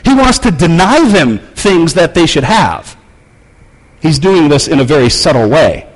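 Animated preacher in an echoing hall. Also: male voice, fairly high pitch, a little slow. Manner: conversational, emphatic, wry humor. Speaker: pastor. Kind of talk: sermon. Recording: long reverb of a large hall.

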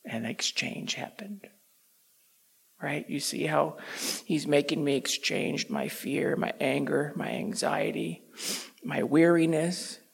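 An older man giving an emotional sermon testimony, swinging between loud outbursts and near-whispers. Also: fairly high pitch. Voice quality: gravelly, husky.

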